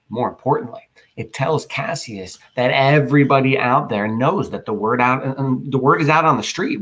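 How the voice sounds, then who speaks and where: A man's voice: mid-range voice, a bit bright, slightly rough. A male teacher giving a casual recorded lesson, reading lines from a play aloud and explaining them in slangy everyday paraphrase.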